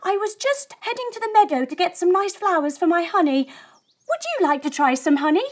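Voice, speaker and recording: A friendly little male bee, chirpy and high, rattling off polite words at a lively, bouncing pitch, as a woman puts him on. He is a quick-thinking storybook hero from a kids' yoga adventure. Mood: eager.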